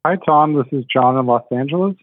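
A man's voice: medium pitch, brisk, no echo. A man calling into a radio show, talking thoughtfully and searching for words. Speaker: radio caller. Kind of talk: casual call-in chat. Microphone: telephone. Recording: tinny phone line.

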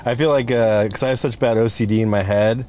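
A man's voice: medium pitch, steady tone, quick pace, darkish tone, slight background noise. A man hosting a casual podcast, loose and profane, laughing often as he talks. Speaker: host. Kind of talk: casual chat.

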